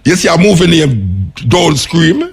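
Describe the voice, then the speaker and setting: A man with a Jamaican accent who hosts a radio show and chats casually and animatedly, with a raspy voice, often laughing and repeating words. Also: fairly high pitch, sing-song, measured pace. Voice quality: raspy, gravelly. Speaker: radio host. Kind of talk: casual on-air chat.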